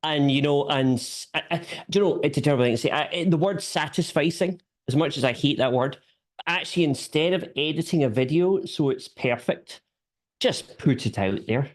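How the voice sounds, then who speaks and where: A Scottish man whose accent has a hint of Irish in it. His voice sits a little higher than most men's, and he talks in a playful, self-mocking way, stumbling over his words now and then. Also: a little fast. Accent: Scottish with an Irish lilt. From Scotland. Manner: self-deprecating, stammering restarts, playful. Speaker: guest panelist, content creator. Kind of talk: casual live-stream chat.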